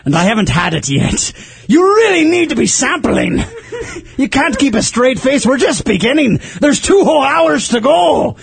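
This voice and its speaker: A man hosting a comedy podcast as a boisterous pirate captain, in a put-on pirate brogue with loud, drawn-out exclamations. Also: extremely high pitch, big pitch swings, vocal fry, slight background noise, full character voice. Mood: hearty. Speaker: podcast host. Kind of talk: comedic pirate role-play.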